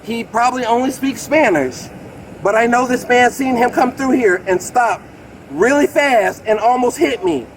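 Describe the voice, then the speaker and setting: A man's voice: very high voice, normal speed, slight background noise, rough recording. A man in his late thirties giving an agitated, rambling account to a police officer outdoors by a road, recorded on a body camera. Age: late 30s. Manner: rambling, excitable, repeats "bro". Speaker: complainant speaking to police.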